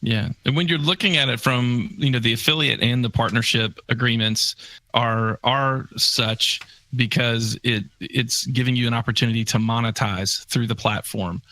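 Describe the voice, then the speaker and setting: A man co-hosting a podcast, explaining business points in a measured way. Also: mid-range voice, steady tone, bright, forceful tone, dry recording. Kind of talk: casual chat.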